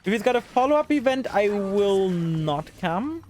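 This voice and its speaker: A woman gives live commentary over her gameplay, with faint game music underneath. She scolds the characters on screen in exasperation and swears freely. Her voice is very lively and swings widely in pitch. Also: moderate pace. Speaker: streamer.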